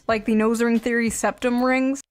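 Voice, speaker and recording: A woman giving scripted commentary in a dry, deadpan way, reading passages aloud. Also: on the high side, normal speed. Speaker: video commentator.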